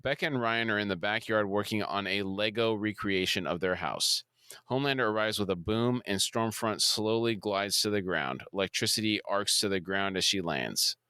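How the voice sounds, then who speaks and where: A man with a lowish voice that still sounds bright and forceful narrates a scene-by-scene episode recap for his podcast. His delivery is steady and plain, and his tone is smooth and crisp. The recording is dry and close. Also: moderate pace, no echo. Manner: steady, plain recounting of plot. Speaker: podcast co-host.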